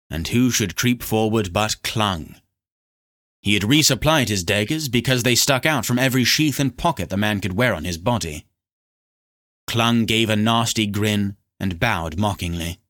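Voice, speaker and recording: A man narrating a fantasy novel in a steady, scripted storytelling read. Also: fairly low pitch, dry recording, clean studio sound. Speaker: audiobook narrator.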